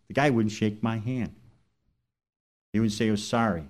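A man's voice: lowish voice, normal speed, long pauses. A man, a truck driver, telling a story in plain conversational speech during a church service, then turning it into preaching questions. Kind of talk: storytelling sermon testimony.

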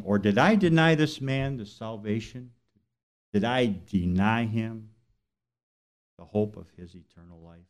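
Low-voiced man telling a church testimony. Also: a little mellow. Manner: plain conversational storytelling turning to preaching questions. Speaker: truck driver giving a church testimony. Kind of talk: storytelling sermon testimony.

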